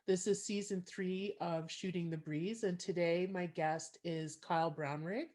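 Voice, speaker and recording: A woman hosting a podcast, soft-spoken and easygoing, laughing often as she chats with her guest. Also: on the low side, steady tone, unhurried. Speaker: podcast host. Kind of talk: casual interview chat.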